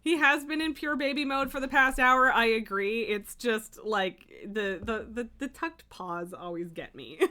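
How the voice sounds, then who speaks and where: A woman's voice: a little high, measured pace, few pauses, sharp tone. A woman live-streaming, reading a nonfiction book aloud with casual, laughing asides and sudden sweary outbursts.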